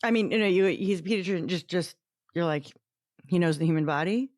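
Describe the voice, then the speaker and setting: A woman co-hosting a podcast, teasing her co-host in casual chat with quick interjections. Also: lowish voice, a little mellow, dry recording, clean studio sound.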